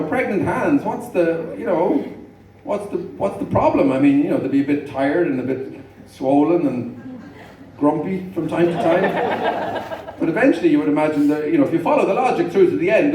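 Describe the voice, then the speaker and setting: Irish stand-up comic in a roomy hall. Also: male voice, sits high, noisy background. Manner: rambling anecdotal delivery with stammered repeats. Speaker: stand-up comedian. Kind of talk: stand-up routine. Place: large comedy venue with an audience. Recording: echoey live hall recording from far off. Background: audience laughter.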